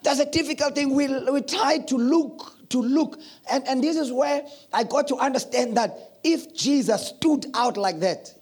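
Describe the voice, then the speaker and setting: A man preaches a sermon in a church. His voice sits high for a man, and he tells his stories with plenty of laughter, often slipping into other people's voices. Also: a little mellow. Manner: storytelling, laughing, acting out voices. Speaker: pastor.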